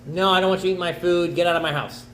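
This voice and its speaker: A man voicing a furious party host who throws out an unwanted guest, shouting curt refusals. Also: high-pitched, steady tone, very fast, reverberant, very noisy, voice pushed up, close to an everyday voice.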